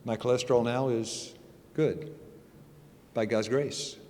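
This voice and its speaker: A man in his sixties, a church elder speaking as a guest, gives a joking, folksy sermon in a conversational style, including his personal testimony. He speaks slowly in a steady, warm, medium-pitched voice, with slight background noise and the long reverb of a church hall.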